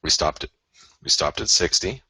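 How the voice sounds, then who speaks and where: Deep-voiced guy running a live forex webinar, bright forceful tone, chatty, lots of ums. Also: fairly quick, breathy edge, dry recording. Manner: loose and chatty, many fillers, talks to viewers directly. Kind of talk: casual live market analysis.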